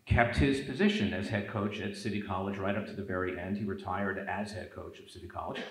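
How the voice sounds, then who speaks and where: A man with a lowish voice speaks as an author at a public event, telling stories and slipping into lively quoted asides. His voice rings in an echoey event hall. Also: a little fast. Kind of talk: conversational talk at a public event.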